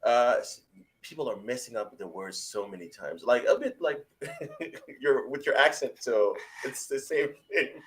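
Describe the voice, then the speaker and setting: Relaxed guy on a podcast, voice goes up and down a lot. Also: medium pitch, measured pace. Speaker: podcast guest. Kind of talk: casual chat.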